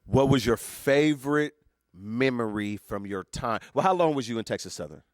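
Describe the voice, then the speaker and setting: A man's voice: mid-range voice, animated, normal speed, no room sound, clean studio sound. A middle-aged man from Northern California, co-hosting a podcast in a playful, joking way with lots of slang. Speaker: podcast co-host. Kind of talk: casual chat.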